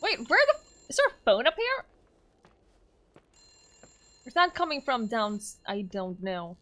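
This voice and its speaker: A woman's voice: on the high side, huge pitch swings, measured pace, bright, forceful tone. A woman streaming a game live, laughing often and chatting playfully with viewers. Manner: giggly, playful, thanks viewers.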